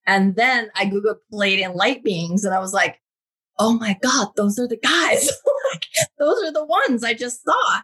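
Husky woman telling a wild story. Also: unhurried. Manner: animated, acts out quotes with big pitch jumps. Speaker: guest, intuitive reader. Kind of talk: casual podcast storytelling.

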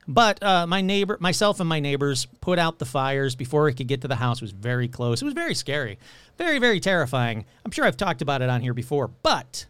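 A man's voice: fairly high pitch, very animated, a little fast, fairly bright tone, clear, resonant tone, dry recording. A man hosting a podcast, reading thanks and chatting in a rambling, self-mocking, playful way. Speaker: podcast host. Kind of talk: casual podcast chat.

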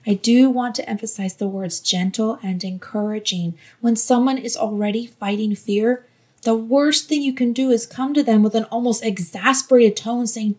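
A woman giving a devotional Bible teaching in an earnest, gently encouraging way. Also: on the high side, normal speed, husky.

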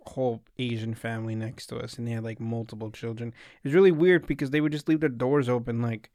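A man's voice: medium pitch, fairly even intonation, quick pace, a little mellow, no room sound, studio quality. A young man casually telling a long rambling story, swearing often and acting out what people said. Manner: rambling storyteller, swears a lot, acts out quotes. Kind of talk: casual chat.

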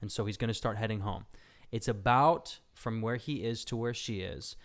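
A man's voice: fairly low pitch, moderate pace, a bit bright. A young man hosting a casual podcast, telling a story and joking with his co-host, often breaking into laughter.

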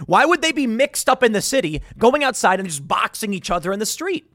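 Man, political commentary monologue, lively swooping pitch, slightly high voice, emphatic, dry close sound. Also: a little fast, dry recording. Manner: emphatic and argumentative, reads and reacts to posts.

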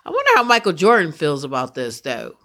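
Chatty, bright-voiced woman. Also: low voice, wildly swooping pitch, fairly quick. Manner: rambling, chatty, restarts sentences. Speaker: podcast host. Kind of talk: casual sports chat.

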